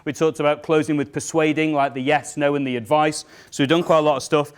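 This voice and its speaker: A man from England leads a sales workshop in front of a live audience. His voice sits a little high, and he talks in an upbeat, joking way while giving brisk instructions to the room. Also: fairly even intonation, clear, resonant tone. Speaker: sales trainer.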